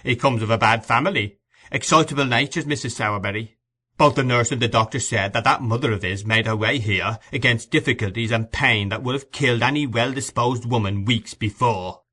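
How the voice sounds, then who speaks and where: A pompous, bullying parish official lecturing with heavy, stern emphasis, as a male reader puts him on. The voice is loud, bright and self-important, a little raised above the reader's own. A storybook figure read aloud. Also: medium pitch, a little fast, breathy edge.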